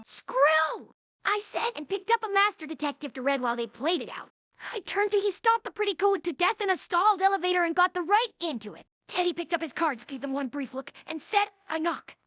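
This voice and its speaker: Brash young cartoon pony girl played by a man, reading a novel aloud in character, very high boyish voice, dry close mic. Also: animated, brisk, pushed and bright, dry recording, exaggerated voice.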